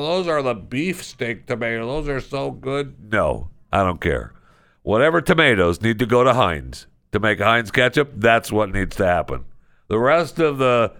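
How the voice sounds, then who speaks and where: Male talk host, very low voice, dry studio sound, sarcastic ranting monologue. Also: no echo. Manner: ranting, sarcastic, lively swings in pitch. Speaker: radio show host. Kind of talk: casual opinion monologue.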